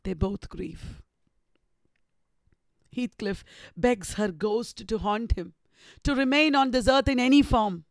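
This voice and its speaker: A woman with an Indian English accent giving a recorded literature lecture, retelling the story slowly and deliberately. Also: on the high side, no echo.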